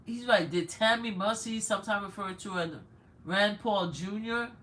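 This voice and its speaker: An older woman from Brooklyn, speaking with a New York accent, hosts a casual livestream. She talks in a loud, exclamatory way, reads messages aloud and reacts with blunt cursing. Her voice sits at a middle pitch. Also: normal speed. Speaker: livestream host.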